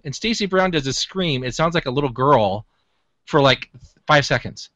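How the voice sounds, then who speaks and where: A man in casual conversation, telling an excited, animated story. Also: a little high, normal speed, no room sound. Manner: excitable, animated, laughs while telling stories.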